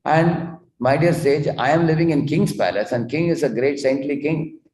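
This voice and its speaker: A man's voice: fairly high pitch, moderate pace, recorded from a distance, slight background noise, pitched above the performer's own voice, lightly acted. A man voicing a sweet-spoken, courteous male parrot from a king's palace while telling a story. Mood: earnest. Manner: courteous, gently explaining. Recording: echoey room.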